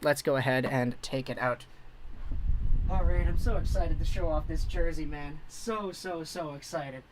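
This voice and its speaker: A man's voice: a little high, moderate pace, a little hiss or hum, rough recording. A young man hosting a casual hockey livestream, chatting and answering viewers' messages. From Vancouver, Canada. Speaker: livestream host.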